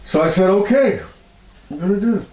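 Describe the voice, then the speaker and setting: Interviewed as a healer, this man tells stories with deep feeling, laughing often and letting his voice climb high when he's moved. He talks fairly quickly, and the low-quality recording has a roomy sound.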